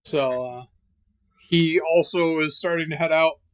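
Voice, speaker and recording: An offhand game master talks through a horror tabletop session at an ordinary middle pitch, stopping and restarting often and stumbling through fillers. Now and then a casual curse slips in. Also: fairly even intonation, clean tone. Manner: halting, many fillers, casual swearing.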